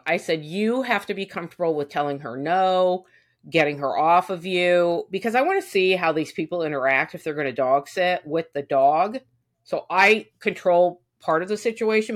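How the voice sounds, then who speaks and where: Woman co-host, lowish voice, profane storyteller acting out quotes, casual chat. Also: animated, normal speed, fairly bright tone. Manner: venting, profane, acts out quotes. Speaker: podcast co-host.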